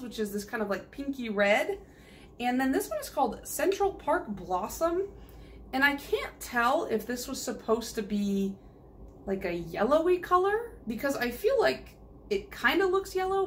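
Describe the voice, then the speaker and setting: A woman's voice: a little high, fairly bright tone, a little hiss or hum. A woman nail polish vlogger chatting casually through a haul video, rambling and giggling as she goes.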